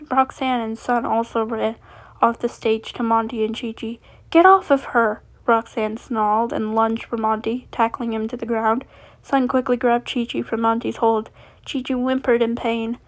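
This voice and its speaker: Woman reading fanfic out loud, higher voice, trips on words. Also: little pitch movement, moderate pace. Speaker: storyteller. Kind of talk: reading fan fiction aloud.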